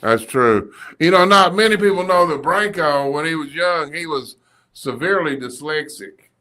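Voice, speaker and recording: A folksy man who cracks corny jokes and laughs along with them. His voice sits a bit high and rings bright and forceful. He talks in loose, casual banter on a live stream. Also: lively intonation, normal speed. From Kentucky. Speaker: video producer and co-host.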